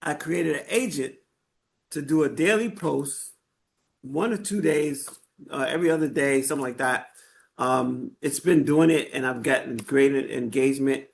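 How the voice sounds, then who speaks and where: A man's voice: medium pitch, normal speed, vocal fry. A man teaching a live online workshop in a conversational way, often checking in with his listeners and using fillers as he goes. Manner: conversational, checks in with "right?" and "okay?"; frequent fillers and restarts. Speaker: workshop instructor.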